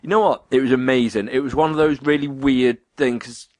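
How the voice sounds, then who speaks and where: A man's voice: mid-range voice, steady tone, fairly quick, darkish tone, no room sound. An English man chatting casually, telling rambling anecdotes full of voiced quotes. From England.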